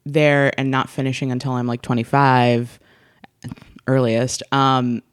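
A woman's voice: rumbling low, level tone, unhurried, clear, resonant tone, no room sound, studio quality. A woman of twenty-three in casual conversation as a guest, talking in a chatty way with many fillers and restarts. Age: 20s. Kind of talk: casual chat.

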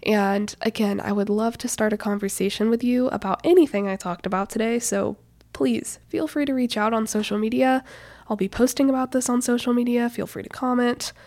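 A young woman in her twenties talks through her solo podcast in a loose, chatty way, full of "like" and "you know." Her voice is stuffy-nosed and a little breathless, with a gravelly fry at the ends of phrases. The sound is dry and close, with no room around it. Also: a little high, a little fast, a little mellow, dry recording. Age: 20s. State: stuffy nose. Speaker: podcast host. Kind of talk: casual solo podcast chat.

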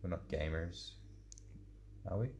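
Podcast co-host, thirties, lowish creaky voice, blunt offhand delivery. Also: male voice, measured pace, a little mellow. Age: 30s. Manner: offhand, blunt, mumbles low asides. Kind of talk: casual podcast chat.

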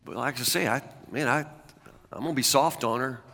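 A man's voice: medium pitch, fairly quick, creaky, pushed and bright, long reverb tail. A man preaching a sermon as a pastor, talking conversationally and often stammering into restarts.

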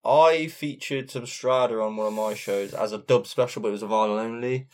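A man's voice: medium pitch, brisk, darkish tone. A man co-hosting a music podcast and DJing, joking and chatting enthusiastically. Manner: jokey, enthusiastic, slangy. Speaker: podcast co-host and DJ. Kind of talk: casual chat between tracks.

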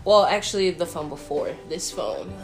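A young woman telling a story in a chatty, animated way, full of fillers, answering viewer questions. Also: lowish voice, normal speed, faint music behind. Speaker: vlogger. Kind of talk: casual Q&A storytelling.

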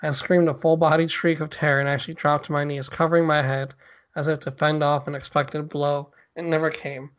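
A man's voice: on the high side, level tone, fairly quick, a bit bright. Man reading a spooky story on a lo-fi podcast. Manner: reads with mock drama, breaks off to laugh and chat. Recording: dull lo-fi podcast audio.

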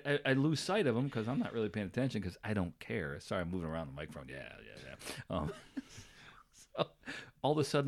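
Animated man telling a story, lively pitch. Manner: animated, laughs a lot, swears freely. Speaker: podcast co-host. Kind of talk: casual storytelling chat.

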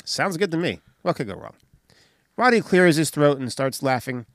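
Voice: mid-range voice, normal speed, dry recording, studio quality. A podcast host casually recapping a comedy film scene by scene. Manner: animated, recounts scenes and does voices.

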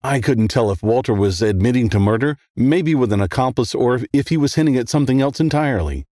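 A man narrating a first-person horror story in a steady, measured way. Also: mid-range voice, no echo, studio quality.

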